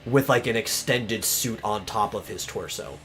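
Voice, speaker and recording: A man's voice: on the low side, normal speed, a bit bright, faint music behind. A man co-hosting a casual podcast chat, rambling with many fillers and restarts and swearing casually. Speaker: podcast co-host. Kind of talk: casual chat about movies.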